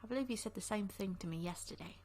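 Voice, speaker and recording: A woman voicing a calm, wry male doctor in a crow mask, with an attempted Australian accent, as she reads a visual novel aloud. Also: mid-range voice, fast, natural voice. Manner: calm, wry, mildly teasing. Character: mysterious male crow-masked town doctor, calm and dry. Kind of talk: voice acting while reading a visual novel.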